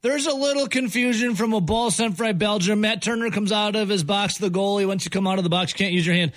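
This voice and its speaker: A man's voice: sits high, fast talker, few pauses, fairly bright tone, no room sound. A male sports talk host in an exasperated rant, hammering the same point over and over. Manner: exasperated, repeats points with emphasis.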